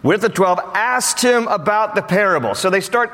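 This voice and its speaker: A man preaching a sermon in a loose, chatty manner, slipping jokes and asides in between the teaching. His voice sits a little higher than most men's, and it rings out with a long reverb, as if he is speaking in a big hall. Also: animated, moderate pace, sharp tone. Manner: conversational and joking, with playful asides. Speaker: pastor.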